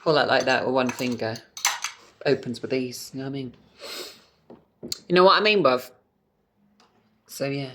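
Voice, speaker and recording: A camp British man chats into his phone camera from home in a loose, unscripted vlog. He is animated and talkative, and drops swear words freely. His pitch sits in the middle of the male range. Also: normal speed, pauses often, noisy background. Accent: British English. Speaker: vlogger. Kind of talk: casual vlog chat to camera.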